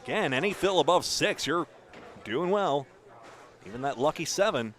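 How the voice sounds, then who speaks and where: A man with a New England accent giving chatty, animated live play-by-play of a bowling match in a bowling alley. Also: fairly high pitch, moderate pace. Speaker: bowling commentator. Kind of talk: live sports commentary. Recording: crowd noise behind.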